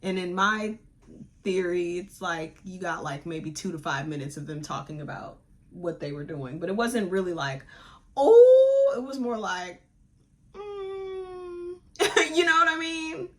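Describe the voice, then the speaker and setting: A woman's voice: on the low side, normal speed. A woman hosting a book club podcast, retelling the plot in a casual, digressive, slangy way. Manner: animated, digressive retelling that acts out characters' lines; slangy, informal talk. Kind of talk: casual book review chat.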